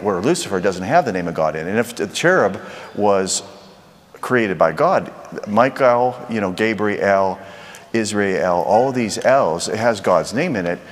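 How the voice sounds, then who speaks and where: A man's voice: on the low side, lively intonation, moderate pace, long reverb tail, a little hiss or hum. A man preaching a sermon in a conversational way, asking the crowd rhetorical questions.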